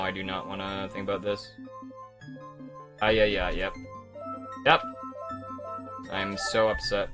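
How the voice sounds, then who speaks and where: A man's voice: low-pitched, little pitch movement, slow, long pauses, music in the background. A young man streaming a speedrun, talking in a frustrated, rambling way and swearing as he goes over his mistakes. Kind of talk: casual live-stream commentary.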